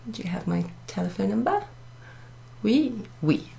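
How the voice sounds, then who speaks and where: A woman teacher slowly taking beginners through a French lesson, repeating phrases patiently and often pausing with ums. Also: medium pitch, expressive, creaky, dark tone. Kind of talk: recorded class summary lesson. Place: classroom in a pub venue.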